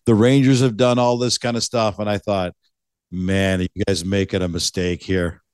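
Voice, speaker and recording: Very deep-voiced man hosting a podcast. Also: flat delivery, normal speed, darkish tone, clean tone, dry recording, studio quality. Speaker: podcast host. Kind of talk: casual interview.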